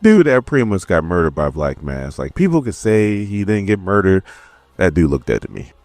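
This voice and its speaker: A man's voice: low-pitched, big pitch swings, normal speed, darkish tone, no echo. A man casually recapping a comic issue, laid-back and slangy as he tells the story. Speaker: comic book reviewer.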